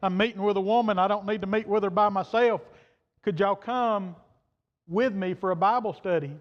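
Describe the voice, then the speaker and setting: A preacher man with a fairly high voice, telling a folksy story from the pulpit in plain words. His voice rings through a church hall with a long echo, and the sound is dull and muffled. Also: moderate pace. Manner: folksy, plain-spoken, quoting others in turn. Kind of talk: sermon storytelling. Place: church sanctuary.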